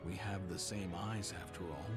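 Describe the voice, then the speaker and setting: An actor playing an earnest, gentle young man in a dubbed game cutscene. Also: low voice, steady tone, normal speed, lightly acted. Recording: game audio with music.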